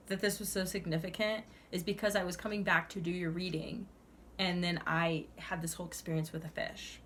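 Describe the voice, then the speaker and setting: A woman's voice: lowish voice, flat delivery, normal speed, a bit bright, a little hiss or hum. A young woman doing a tarot reading to camera, earnest and chatty, sighing now and then between cards. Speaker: tarot reader.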